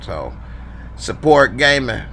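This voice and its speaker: Laid-back slangy man with a bright voice. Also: medium pitch, very animated, slow. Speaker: show host. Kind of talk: live show reading fan comments.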